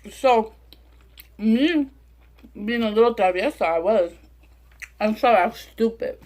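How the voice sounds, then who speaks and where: A woman's voice: a little high, a little slow. A young woman, telling a profane story to camera and acting out the quoted voices. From Southern California. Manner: profane, animated, acts out quotes. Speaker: mukbang vlogger.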